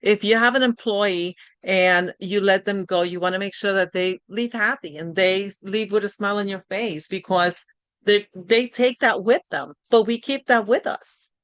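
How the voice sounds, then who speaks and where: A woman's voice: medium pitch, normal speed, fairly bright tone, dry recording. Encouraging middle-aged woman coach. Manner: conversational and encouraging, with frequent restarts. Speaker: transition coach hosting a live session. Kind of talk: live online workshop talk.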